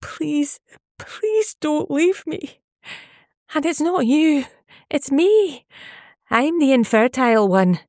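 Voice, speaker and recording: Lady reading as a weepy desperate wife in her late 30s, voice way up high, dry close sound. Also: very animated, normal speed, dry recording. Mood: tearful pleading. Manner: pleading, tearful, rising to shouts. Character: distraught woman of 37 desperate for a baby. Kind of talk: audiobook character voice.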